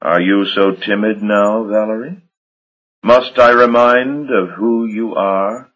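A man voicing a cold, commanding male vampire master who speaks in a silky, unhurried, menacing way. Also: fairly low pitch, fairly even intonation, fairly bright tone, muffled recording, voice pushed up. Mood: cold menace.

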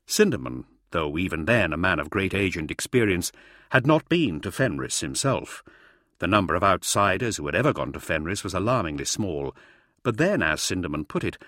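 A man narrates a story in a fairly low voice, his pitch rising and falling with lively expression. His telling is measured and dramatic, as in a polished audiobook. The recording is dry and close, with no room sound. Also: no echo. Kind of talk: scripted narration.

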